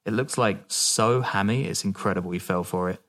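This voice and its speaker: A man's voice: fairly low pitch, moderate pace, fairly bright tone. A man hosting a podcast, telling a true-crime story in a casual, joking way and laughing often.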